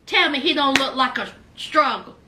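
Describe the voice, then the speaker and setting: A woman's voice: high voice, moderate pace, background noise. A woman giving a casual recap of a reality show, sassy and speaking straight to her viewers.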